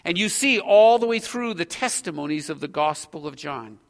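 A man's voice: a little high, lively intonation, moderate pace, in a large hall. A man preaching an expository sermon, earnest and emphatic, pressing his points with growing intensity.

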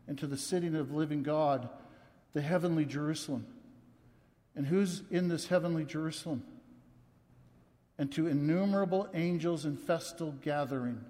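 A man's voice: a little high, a little mellow. A man preaching a sermon in an impassioned, emotional way, repeating words for emphasis, recorded in a church sanctuary. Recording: long reverb from a large hall.

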